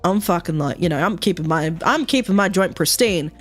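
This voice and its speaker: A woman's voice: on the low side, a little fast, faint music behind. A woman streamer telling stories in casual chat while gaming, swearing freely and laughing often. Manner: swears freely, animated storytelling with frequent laughs.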